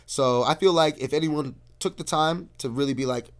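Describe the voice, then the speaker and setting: A man's voice: a little high, moderate pace. A man from Arizona, a podcast guest telling stories in casual chat, acting out what people said and calling everyone "bro". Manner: animated storyteller, acts out quotes, says "bro" constantly.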